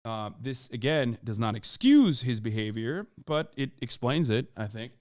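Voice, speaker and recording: A man's voice: medium pitch, sing-song, moderate pace, a little mellow, dry recording, clean studio sound. A man in his thirties streaming from home, giving casual opinionated commentary that is profane, emphatic and rambling with fillers. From United States. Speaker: streamer reacting to clips.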